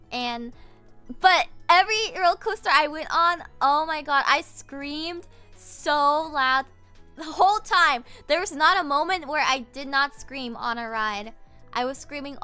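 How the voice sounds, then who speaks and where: A woman's voice: high voice, pushed and bright. A woman streamer chatting casually from her home setup, rambling and giggling with lots of fillers.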